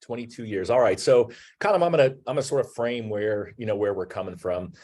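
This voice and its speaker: A man's voice: on the low side, a little fast, a little mellow. A man in his forties hosting an online business talk, speaking conversationally with many "you know"s and "um"s. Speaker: host. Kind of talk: webinar talk.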